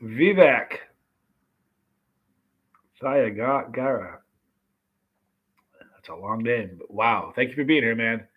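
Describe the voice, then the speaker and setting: A man's voice: mid-range voice, expressive, slow pace, pauses often, slightly rough, lo-fi sound. A man hosting a live stream, chatting and reading comments while his mouth burns from a very hot pepper extract, gasping and exclaiming. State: burning mouth, hiccuping.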